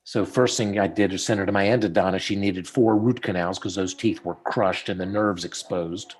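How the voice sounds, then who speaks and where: A middle-aged dentist with a deep, breathy-edged voice and moderate pace chats casually with a student on a video call, working through cases. Stories run through his teaching, and quoting people brings out an animated delivery.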